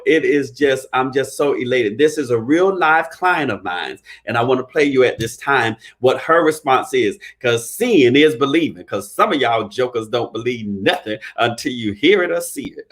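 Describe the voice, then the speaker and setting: A man's voice: mid-range voice, a bit bright. A man working as a credit repair consultant, talking casually and emphatically to his viewers, preaching and joking in turns.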